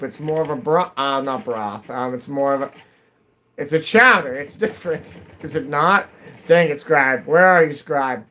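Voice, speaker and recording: A man's voice: medium pitch, normal speed, sharp tone, slight background noise. A man from New England chatting casually with his viewers while gaming, rambling from topic to topic and laughing often. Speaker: live streamer.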